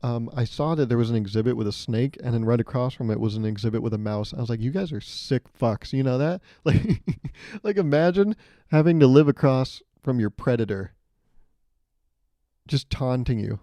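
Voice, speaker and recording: A young man hosting his own podcast, riffing in an animated, profane way, recorded close on a mic. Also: moderate pace, no echo. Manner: animated, profane, riffing with jumps to high pitch. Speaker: podcast host. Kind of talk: solo comedic podcast monologue.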